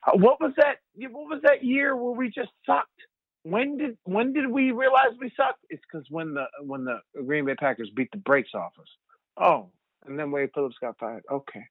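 A young man telling rambling, animated stories as a guest over the phone, laughing often. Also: high-pitched, moderate pace, husky, no echo. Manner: animated, rambling storyteller who laughs a lot. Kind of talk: phone interview storytelling. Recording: tinny dry phone line.

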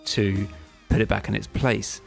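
A man's voice: lowish voice, flat delivery, a little slow, creaky, faint music behind. A man co-hosting a casual comedic podcast, playful and self-mocking. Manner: playful, self-mocking, jokey sound effects. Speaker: podcast co-host.

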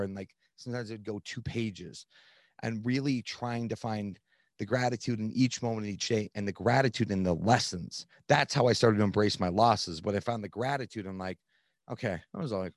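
A man in his thirties, a podcast guest, telling his own story in an earnest, animated way with plenty of "like" fillers. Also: lowish voice, a little fast, dry recording, studio quality. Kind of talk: candid storytelling.

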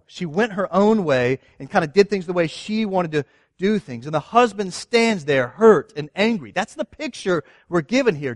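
A man's voice: high-pitched, no echo, clean studio sound. A man preaching a sermon, reading scripture and asking his listeners earnest rhetorical questions. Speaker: pastor.

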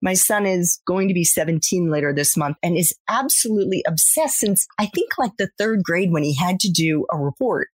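A woman's voice: on the low side, normal speed, hardly any pauses, no echo, clean studio sound. An American woman in her forties hosting a podcast interview, chatty and upbeat. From Maryland, United States. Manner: chatty, upbeat, lively intonation. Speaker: podcast host.

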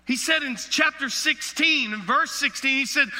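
A pastor from Alabama with a Southern accent, preaching a sermon with folksy, joking asides. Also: male voice, extremely high pitch, moderate pace, few pauses, bright, forceful tone, big-room sound.

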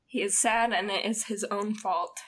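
A woman's voice: medium pitch, fairly even intonation, normal speed, fairly bright tone. A woman co-hosting a podcast, giving frank, wry opinions in casual chat. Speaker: podcast co-host.

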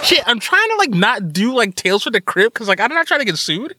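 Giggly, husky man hosting a podcast. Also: high voice, fairly quick, dry recording, studio quality, faint music behind. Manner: giggly, self-deprecating, animated. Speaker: podcast host. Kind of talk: casual chat.

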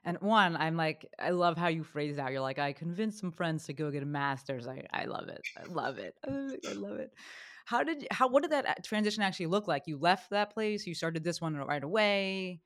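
A woman hosting a podcast interview, enthusiastic and full of praise, quickly asking follow-up questions. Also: lowish voice, lively intonation, a bit bright. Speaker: podcast host. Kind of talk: casual interview conversation.

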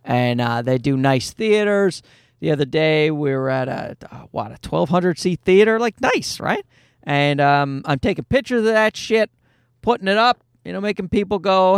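Rambling high-voiced comedian, close and dry. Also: male voice, sing-song, moderate pace, clean tone, dry recording. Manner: rambling, self-deprecating, swears freely. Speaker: comedian and podcast host. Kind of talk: casual storytelling monologue.

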